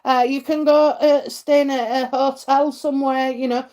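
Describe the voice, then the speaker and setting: A middle-aged woman with a Yorkshire accent, hosting a live psychic stream and chatting warmly with viewers between comments, full of fillers and endearments. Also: sits high, little pitch movement, moderate pace, dull audio. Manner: chatty, many fillers, laughs, calls people darling and lovely. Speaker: psychic reading host.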